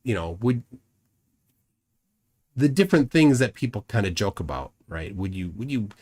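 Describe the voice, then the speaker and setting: Lively rambling man. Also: lowish voice, moderate pace. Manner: rambling, reads chat comments aloud, repeats words. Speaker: livestream host. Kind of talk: casual livestream commentary.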